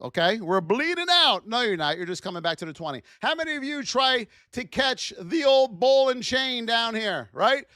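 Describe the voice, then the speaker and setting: A man hosting a live trading lesson, firing rhetorical questions at his chat in a high-energy, hype-driven way. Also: expressive, normal speed, hardly any pauses, bright, forceful tone, no room sound, clean studio sound. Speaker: trading educator hosting a livestream.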